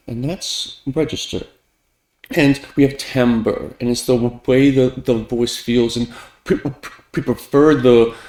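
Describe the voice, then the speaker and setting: A man recites a well-known public speech about speaking as practice, stuttering on first sounds and delivering it in a lively way with big shifts in loudness and pitch for emphasis. The room is echoey.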